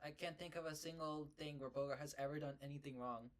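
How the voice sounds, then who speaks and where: A man's voice: fairly high pitch, fairly even intonation, fast talker. A young man co-hosting a casual podcast, giving emphatic opinions and rankings. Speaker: podcast co-host. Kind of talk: casual chat.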